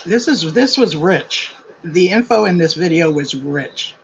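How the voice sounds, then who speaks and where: A woman's voice: on the low side, expressive, a little slow, dull audio, a little hiss or hum. An older woman co-hosting a casual commentary chat, reasoning things out aloud in a thoughtful way. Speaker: co-host.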